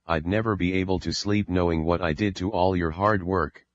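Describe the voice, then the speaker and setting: A man's voice: low voice, fairly even intonation, moderate pace, no room sound, lo-fi sound, close to an everyday voice. A man voicing a remorseful, timid young son who pleads and apologizes, in an audiobook reading. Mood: ashamed.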